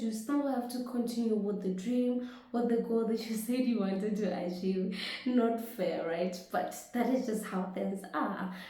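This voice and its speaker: A woman with a husky voice, hoarse from a flu, giving an earnest motivational talk to camera and often checking in with her listeners. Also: fairly high pitch, mellow. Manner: earnest, keeps asking "right?" to the audience. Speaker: motivational speaker and business coach. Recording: very echoey room.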